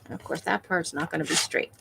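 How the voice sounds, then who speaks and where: A woman's voice: on the low side, steady tone, fast talker, gravelly, noisy background. A woman hosting a crafting livestream, chatting casually with viewers while she works and laughing often. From Nevada.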